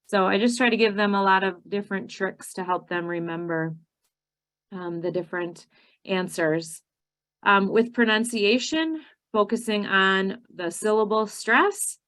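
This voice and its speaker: A woman with a Minnesotan accent, giving a teacher training session and explaining her methods, slowing down to stress key words. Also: mid-range voice, fairly bright tone, low-quality recording.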